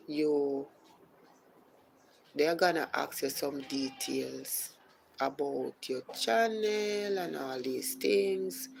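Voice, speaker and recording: Unhurried Jamaican woman with a gravelly low voice. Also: a little mellow, a little hiss or hum, poor audio. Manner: unhurried explaining, greets viewers by name. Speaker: podcast host. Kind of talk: casual live-stream chat.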